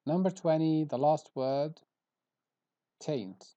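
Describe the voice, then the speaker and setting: In a dull lo-fi recording, a middle-aged man speaks slowly in a mellow, fairly high voice. He's teaching English vocabulary, repeating every word with care so the stressed syllable is clear.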